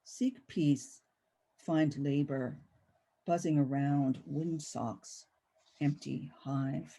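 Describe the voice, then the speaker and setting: A woman's voice: deep voice, extremely slow, gravelly, warm tone, breathy edge. A woman poet reading her own work aloud, with rhythmic, incantatory recitation. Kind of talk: poetry reading.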